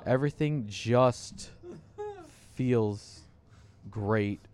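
A man's voice: medium pitch, huge pitch swings, very slow, darkish tone. A laid-back man in casual chat, swearing and drawing out long descriptions.

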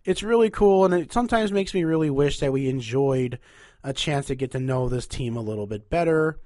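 A man's voice: mid-range voice, expressive, brisk, darkish tone, dry recording, studio quality. A young man with a nasal voice hosting a casual, rambling podcast where he ranks movies. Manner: chatty, rambling, upbeat. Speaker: podcast host.

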